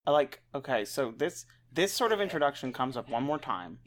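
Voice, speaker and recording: A man's voice: medium pitch, very animated, brisk. A man co-hosting a podcast, speaking bluntly and casually, with swearing. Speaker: podcast co-host.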